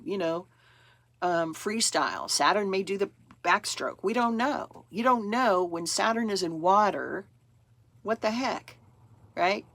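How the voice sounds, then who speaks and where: A woman's voice: on the low side, a bit bright, dry recording. A woman astrologer talking casually to camera in a chatty, rambling way, acting out her own thoughts as she goes.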